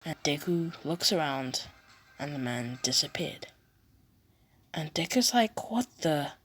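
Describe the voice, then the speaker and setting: A woman's voice: deep voice, animated, slow, faint music behind. A woman narrating an invented fan story in a casual, meandering way. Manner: breathy, meandering.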